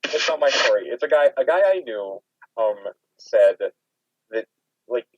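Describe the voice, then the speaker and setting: A young man co-hosting a casual podcast, wry and relaxed as he tells stories. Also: mid-range voice, a little slow, dry recording. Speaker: podcast co-host. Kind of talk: casual chat. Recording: dull, lo-fi mic.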